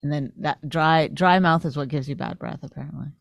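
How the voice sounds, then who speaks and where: A woman co-hosting a podcast in casual chat, talking quickly and jokingly and laughing often, on a close mic. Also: deep voice, vocal fry, no echo. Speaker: podcast co-host.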